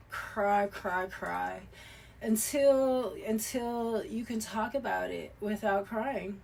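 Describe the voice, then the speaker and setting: A woman with a gravelly, fry-tinged voice reads tarot in a loose, conversational way. She swings between soft, half-whispered murmurs and loud, emphatic bursts, and swears casually. A faint hiss sits under her voice. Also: mid-range voice. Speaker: tarot reader.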